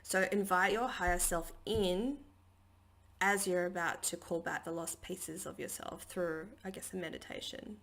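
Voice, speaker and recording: Aussie woman, low voice with lots of vocal fry, rambling chatty spiritual talk from her kitchen table. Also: steady tone, unhurried, fairly bright tone. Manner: chatty and rambling, with many fillers. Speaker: spiritual healer and channelling teacher. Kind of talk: casual spiritual guidance talk. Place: home, at a dining table.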